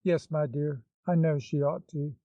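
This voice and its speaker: A man's voice: a little high, steady tone, a little slow, warm tone, dry recording. A man reading the part of an anxious, devoted older woman with a pleading, fretful manner, in a dull, dry recording.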